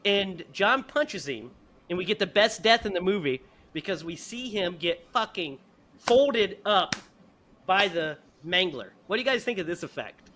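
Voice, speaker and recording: A man with a high, very bright voice recaps a horror film on a podcast. His delivery swings widely in pitch. It is loose, profane and full of laughter. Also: moderate pace, a little hiss or hum. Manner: animated, profane, laughing retelling. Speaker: podcast host. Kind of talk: casual movie review chat.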